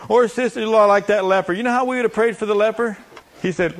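A man's voice: sits high, quick pace. A man preaching a sermon, acting out prayers and quotes and laughing often as he teaches.

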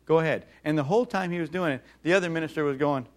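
Animated preacher with a higher voice. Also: male voice, racing. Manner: animated, acts out mocking voices, calls for audience response. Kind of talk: sermon.

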